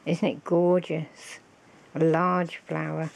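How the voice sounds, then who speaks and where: A woman, slow and fond, showing off a handmade craft gift on her vlog and gasping with delight. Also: low-pitched, level tone, gravelly, darkish tone. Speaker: crafting vlogger. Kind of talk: casual show-and-tell of a craft gift.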